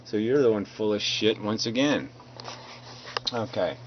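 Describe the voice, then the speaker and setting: A man's voice: fairly low pitch, measured pace. A man angrily reading out and rebutting comments, profane and combative, stumbling over restarts. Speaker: video blogger answering comments. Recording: dull lo-fi recording with faint noise.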